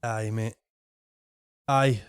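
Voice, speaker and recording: A man's voice: fairly low pitch, steady tone, extremely slow, smooth, dry recording, clean studio sound. A man with a Scottish accent hosting a podcast, laid-back and chatty, often nodding along with short agreements. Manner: laid-back, frequent "aye" backchannels. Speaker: podcast host. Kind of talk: casual podcast chat.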